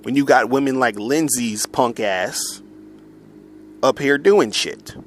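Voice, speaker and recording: A man's voice: medium pitch, takes it slowly, a little hiss or hum. Angry, profane man ranting. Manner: angry, profane, stumbling restarts. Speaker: online men's coach. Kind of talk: heated monologue rant. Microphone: audio recording for upload.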